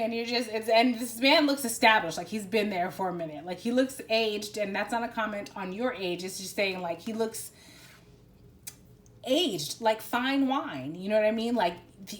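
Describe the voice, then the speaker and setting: A woman giving a pick-a-card tarot reading, talking in an excitable, rambling way full of fillers and restarts. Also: mid-range voice, a little hiss or hum. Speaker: tarot reader.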